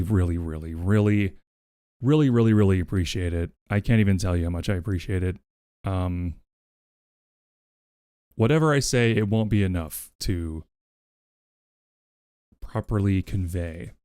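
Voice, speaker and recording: A man's voice: fairly low pitch, warm tone, no echo, clean studio sound. A man live streaming who chats casually with his viewers, rambling, swearing freely and thanking them over and over. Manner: rambling, profane and effusively thankful.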